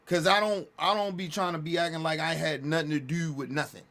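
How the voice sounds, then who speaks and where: A man's voice: on the high side, steady tone, brisk, a bit bright. Blunt, emphatic man in street talk. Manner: blunt, repetitive, restarts phrases, profane slang. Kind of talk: casual street talk commentary.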